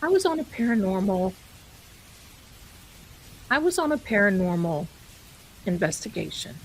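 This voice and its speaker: Woman host, chatty live-stream storyteller, mid-pitched, faint rain behind. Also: sing-song, normal speed, a little hiss or hum, rough recording. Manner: chatty, calls viewers "my darling". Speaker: host telling ghost stories.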